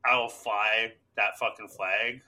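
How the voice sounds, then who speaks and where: A man's voice: fairly low pitch, fairly even intonation, slow, bright, forceful tone, slight background noise. A hungover man co-hosting a podcast, laughing and swearing as he tells rowdy stories in casual chat. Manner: laughing, swearing, boisterous storyteller. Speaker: podcast co-host.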